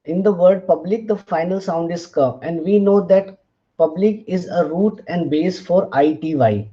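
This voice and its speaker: Guy lecturing slowly, spells stuff out letter by letter, kinda high but mellow voice, dull lo-fi audio. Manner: slow, deliberate, spells out letters, frequent "fine" and "uh". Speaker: linguistics lecturer. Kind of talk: lecture explaining examples.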